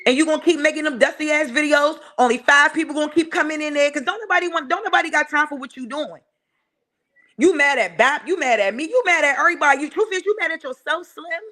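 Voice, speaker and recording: A fiery woman with a D.C. tears into someone on her live stream. Her voice sits a bit high and flies higher when she yells. The talk is profane and cutting, with sudden shouts. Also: fast talker. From Washington, D.C. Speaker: channel host ranting on a live stream. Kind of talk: heated live-stream rant.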